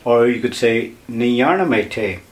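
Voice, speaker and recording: A man's voice: mid-range voice, lively intonation, normal speed. Patient man teaching grammar. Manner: patient, explains step by step with repetition. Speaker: Irish language teacher. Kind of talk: radio language lesson.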